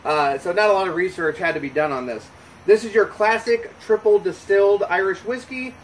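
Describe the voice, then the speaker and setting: A man hosting a casual whiskey review to camera at a home bar, relaxed and joking. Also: high voice, fairly quick, a little hiss or hum, low-quality recording. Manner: relaxed, joking, chatty with fillers. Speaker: whiskey reviewer, channel host.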